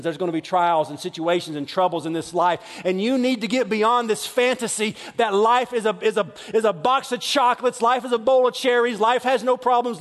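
A man preaching a sermon with emphatic delivery, often acting out quoted voices. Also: very high-pitched. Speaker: pastor. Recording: long hall reverb.

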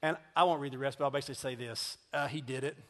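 A man preaching a sermon as pastor, earnest and conversational, dropping to a hush and then lifting into animated storytelling. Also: medium pitch, rapid-fire, slight background noise. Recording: long reverb of a church hall.

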